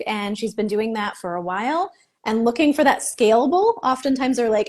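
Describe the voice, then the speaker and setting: A woman guest on a video-call interview, upbeat and clear as she explains how she helps her clients. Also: a little high, animated, normal speed. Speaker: business mentor guest. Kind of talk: casual interview chat.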